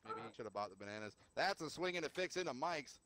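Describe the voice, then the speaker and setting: A man's voice: medium pitch, animated, fast talker, a bit bright, slight background noise. A man casting a live game stream, joking and bantering between calls. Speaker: esports caster.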